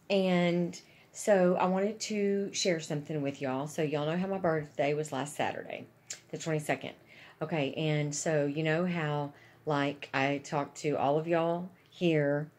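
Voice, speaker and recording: Middle-aged woman from Texas, vlogger; deep, breathy voice; chatty, gushing, full of excitement. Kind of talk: casual chat to camera.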